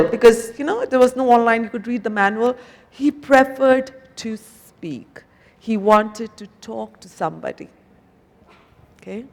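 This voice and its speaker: Indian woman speaking in an echoing conference hall. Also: fairly high pitch. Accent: Indian English. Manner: conversational, asks the audience questions, tags "no?" and "right?". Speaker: conference speaker, company executive. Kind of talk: keynote talk to an audience. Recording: long hall reverb.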